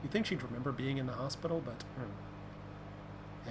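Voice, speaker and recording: A man's voice: mid-range voice, measured pace, background noise. A man streaming a video game live, chatting and thinking aloud as he plays. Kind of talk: live gameplay commentary. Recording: game music behind.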